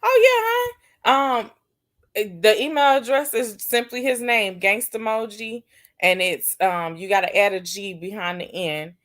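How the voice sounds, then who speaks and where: A woman hosting a casual livestream, chatting warmly and answering viewers' comments one by one. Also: mid-range voice, moderate pace. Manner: affectionate, calls viewers baby and sis. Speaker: livestream host.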